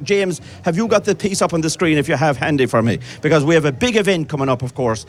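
An Irish man presenting a live outside broadcast on radio, chatty and hearty. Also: a little high.

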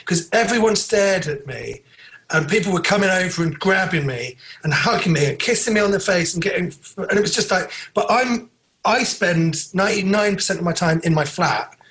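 A man with a British accent, a comedian telling a sweary anecdote in casual podcast chat. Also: high-pitched. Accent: British English. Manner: sweary, animated storytelling with voiced quotes.

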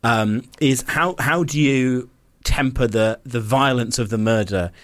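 A man hosting a podcast in casual chat, bantering and teasing with quick quips. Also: mid-range voice, fairly bright tone, no room sound. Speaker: podcast host.

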